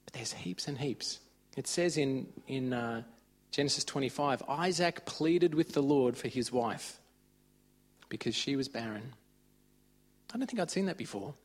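A man's voice: medium pitch, expressive, a little slow. A man giving an informal, conversational sermon. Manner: conversational, chatty retelling of stories. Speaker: preacher.

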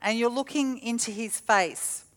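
A woman preaching a sermon in a slightly high voice. She tells stories with animated energy and acts out the lines she quotes. She sounds middle-aged. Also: measured pace.

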